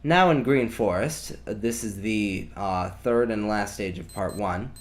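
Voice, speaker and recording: A man's voice: lowish voice, unhurried, a little hiss or hum. A young man giving rambling, sarcastic commentary over a video game playthrough. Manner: rambling, wry, sarcastic asides. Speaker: let's play commentator. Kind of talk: casual gameplay commentary. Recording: game music playing behind. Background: video game music.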